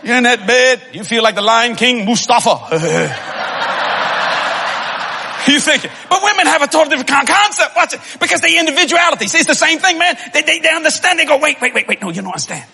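A man preaching a humorous sermon to a congregation, telling comic stories, laughing and often shouting. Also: extremely high pitch, animated, fairly quick, gravelly, big-room sound. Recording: live audience laughter and room noise.

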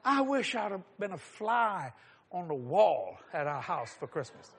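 A man preaching a storytelling sermon, animated and laughing, sometimes dropping to a hush. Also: sits high, unhurried, husky. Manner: animated, laughing storyteller with sudden hushed drops.

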